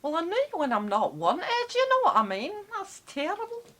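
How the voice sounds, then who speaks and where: Woman doing a jokey put-on Scottish accent, pitch swooping high, playful. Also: huge pitch swings, normal speed, fairly bright tone, exaggerated voice. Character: the vlogger herself in mock Scottish.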